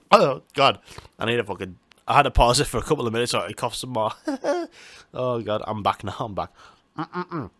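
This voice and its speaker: A man's voice: mid-range voice, very animated, normal speed, pauses often, pushed and bright, no echo. A man hosting his own podcast, talking in a rambling, casual way with lots of swearing, fillers and restarts. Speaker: podcast host. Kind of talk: casual solo chat.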